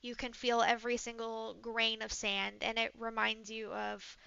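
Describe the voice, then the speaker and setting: Lady running a tabletop game, kinda high voice, dry little room. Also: monotone, moderate pace, creaky, pushed and bright, clear, resonant tone, no echo. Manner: casual narration with fillers and restarts. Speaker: game master. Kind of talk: narrating a tabletop role-play game. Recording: dull lo-fi mic.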